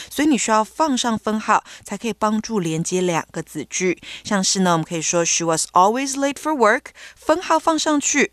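A woman teaching English grammar and vocabulary, her pitch rising and falling in a lively way as she explains. The sound is close and dry, recorded with no room echo.

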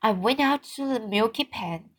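A woman's voice: on the high side, expressive, moderate pace. A woman reading the part of an earnest, apologetic teenage girl who speaks pleadingly.

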